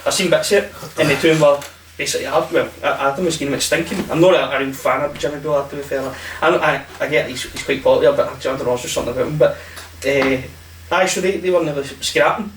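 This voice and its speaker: A Scottish man hosting a podcast in casual chat, relaxed and chiming in with quick agreements. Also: fairly high pitch. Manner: relaxed, agrees a lot with short replies. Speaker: podcast host. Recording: echoey room from far off with faint hiss.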